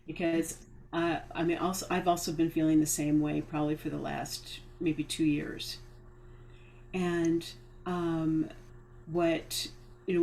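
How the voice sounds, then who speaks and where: A woman guest in a casual spiritual chat, speaking haltingly with many restarts. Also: on the low side, a little mellow, slight background noise. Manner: hesitant, many restarts and fillers.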